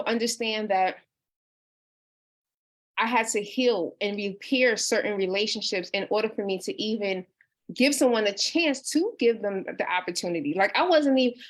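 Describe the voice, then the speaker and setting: A woman in her thirties, a life coach, talking casually and earnestly on a livestream, reading out viewer comments. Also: mid-range voice. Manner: earnest and personal, with many restarts and "you know". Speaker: life coach hosting a book discussion.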